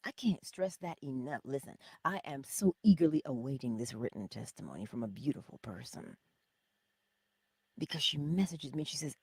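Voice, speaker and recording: A breathy woman hosts a casual morning inspiration talk, her pitch swinging widely as she chats. She laughs often and slips into soft whispers to stress a point, recorded close and dry. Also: normal speed, long pauses, dry recording. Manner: animated, laughs often, drops to whispers for emphasis. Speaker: host of a morning inspiration livestream. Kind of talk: casual spiritual pep talk.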